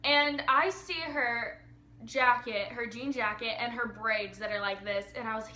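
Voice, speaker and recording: High-pitched excitable teen girl vlogger. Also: unhurried, reverberant. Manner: excitable, gushing, lots of likes and ums. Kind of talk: casual storytelling vlog.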